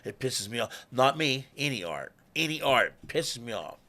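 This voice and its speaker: A man, a musician guest telling stories in casual talk, animated and swearing freely. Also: medium pitch, normal speed. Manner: animated, swears freely, acts out quoted people. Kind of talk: casual conversational storytelling.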